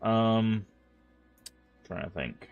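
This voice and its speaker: A man's voice: lowish voice, drawn-out words, creaky, smooth, no echo, narrow, tinny audio, soft background music. A man streaming a game, talking casually and rambling with many fillers, stuffed up from allergies. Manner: rambling, filler-heavy, apologetic. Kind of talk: casual gameplay stream chat.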